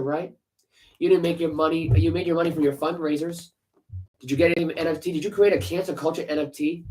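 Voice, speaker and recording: Poor audio carries this man's fairly high-pitched, slightly mellow voice as he co-hosts a sports podcast. He goes on a heated, casual rant laced with profanity and sarcastic rhetorical questions.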